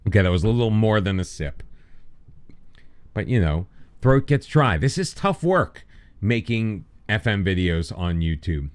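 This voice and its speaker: A man's voice: on the low side, sing-song, unhurried. An American man casually commenting over a football management game, mixing play-by-play calls with joking, self-deprecating asides. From United States. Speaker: gaming YouTuber.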